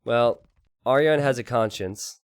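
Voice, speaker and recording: A man casting a strategy game live, excitable and quick to laugh as he talks to his viewers. His voice sits at an ordinary mid pitch. The sound is dry, with almost no room echo. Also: smooth. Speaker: game caster and streamer.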